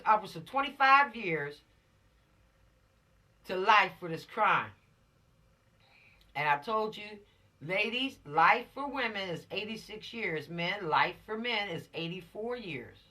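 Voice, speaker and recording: A woman's voice: fairly low pitch, bright, forceful tone, recorded from a distance. A woman teaching a law course to teens, preachy and emphatic, repeating her warnings and dropping into slang. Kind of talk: lecture to teens.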